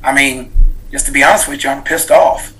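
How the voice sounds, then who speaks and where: Earnest, bright-voiced man in his thirties. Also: medium pitch, a little fast, slight background noise, poor audio. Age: 30s. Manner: earnest, reflective, with many fillers and restarts. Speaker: guest, author. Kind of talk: personal story in an interview.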